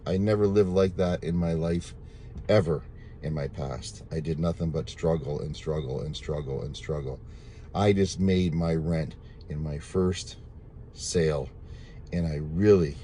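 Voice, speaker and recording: A man's voice: deep voice, mellow, slight background noise. A man casually telling viewers a rambling, repetitive personal testimony, full of thanks to God. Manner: religious, thankful. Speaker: storyteller sharing a testimony.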